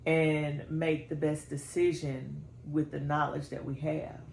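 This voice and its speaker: Woman host, slow and measured, gravelly fry in her voice, roomy echo. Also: low-pitched, level tone, a little mellow. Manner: slow, measured, supportive questioning. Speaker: podcast host. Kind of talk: interview. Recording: echoey room with faint background noise.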